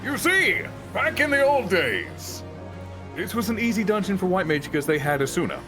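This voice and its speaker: A man's voice: high voice, big pitch swings, moderate pace, music in the background, voice pushed up. A man putting on a drawling old-timer voice for a segment on a live game stream, talking about how things used to be. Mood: reminiscing. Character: old male gamer reminiscing about old times.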